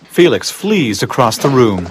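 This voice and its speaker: A narrator reading scripted audio description in a calm, neutral way. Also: medium pitch, a little slow, heavy background noise.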